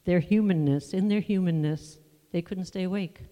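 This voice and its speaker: A preacher giving a sermon, teaching from the Bible in a conversational, unhurried way with asides to the listeners. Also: mid-range voice, mellow, long reverb tail.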